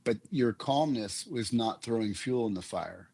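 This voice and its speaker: Husky older man, earnest coach. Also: on the low side, lively intonation, measured pace, dark tone. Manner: earnest, uses images and analogies. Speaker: guest, leadership coach. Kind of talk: reflective interview talk.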